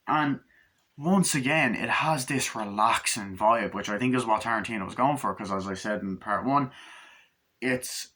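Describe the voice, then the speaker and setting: A man's voice: fairly low pitch, normal speed, noisy background. A man giving a rambling, profane spoken movie review, out of breath as he talks. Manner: rambling, profane, acts out scenes in loose paraphrase.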